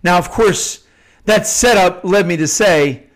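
A man's voice: sits high, unhurried. A middle-aged man giving an earnest, unscripted devotional talk, often repeating and restarting phrases for emphasis. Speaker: Catholic novena host. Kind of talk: spontaneous devotional teaching.

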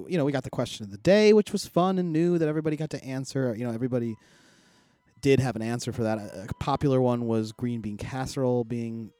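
A middle-aged man chatting as a podcast co-host, telling a long, rambling story full of swearing and loud quoted outbursts. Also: medium pitch. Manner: rambling, profane, animated when quoting others. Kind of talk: casual chat, storytelling.

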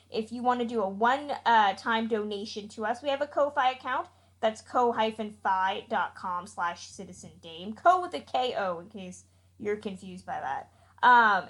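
Podcast host, woman, casual and chatty, a touch high-pitched. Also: fairly bright tone. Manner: chatty, plugs links with fillers and laughter. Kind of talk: casual podcast outro chat.

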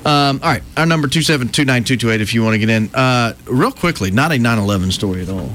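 A male talk radio host with a lively, swooping delivery, wry and teasing as he chats about sports and takes calls. His voice sits at an ordinary middle pitch, with a faint hum of background sound underneath. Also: fast. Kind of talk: casual talk radio banter.

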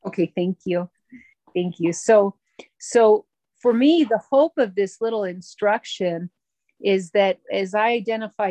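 A woman sharing her story at a recovery meeting, earnest and halting, with frequent fillers and restarts. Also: mid-range voice, a little mellow, no echo.

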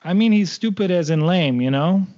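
A man's voice: sits high, animated, normal speed, dark tone. Teasing, stubborn man on a podcast. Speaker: podcast co-host. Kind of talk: casual debate chat. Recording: dull lo-fi podcast audio.

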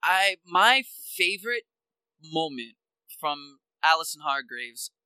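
A man co-hosting a casual chat reviewing a TV series, eager and animated, jumping in with his reactions. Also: on the high side, slow pace, clear, resonant tone, no room sound, rough recording. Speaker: podcast co-host.

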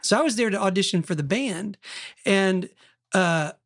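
A man in his thirties from Oklahoma, hosting a casual podcast chat and telling long rambling stories with many fillers and quick laughs. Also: sits high, expressive, a bit bright. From Oklahoma, USA. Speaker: podcast host.

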